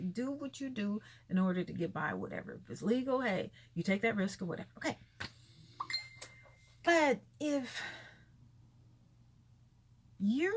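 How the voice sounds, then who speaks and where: A woman's voice: on the high side, slightly rough. A woman vlogging her blunt, exasperated commentary on celebrity gossip, repeating herself as she talks.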